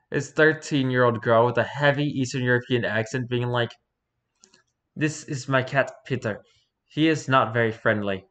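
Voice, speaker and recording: Man, streamer, casual commentary, animated, exasperated, bright tone. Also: medium pitch. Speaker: streamer reading posts.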